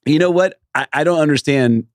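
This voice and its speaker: A man's voice: fairly high pitch, fairly quick, no room sound, studio quality. A male comedian hosting a podcast, telling stories casually and acting out voices. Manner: animated, acts out voices in stories. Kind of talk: casual storytelling chat.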